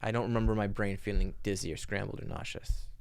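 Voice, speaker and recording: A man's voice: fairly low pitch, quick pace, vocal fry, clear, resonant tone, no echo. A young man co-hosting a podcast, telling rambling stories with lots of restarts. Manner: animated storyteller, rambling with restarts. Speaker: podcast co-host. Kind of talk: casual chat.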